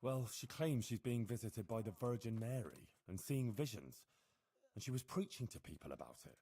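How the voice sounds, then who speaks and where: An actor voicing a young, dutiful medieval hero who speaks earnestly and plainly in a video game. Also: male voice, mid-range voice, animated, normal speed, warm tone, breathy edge.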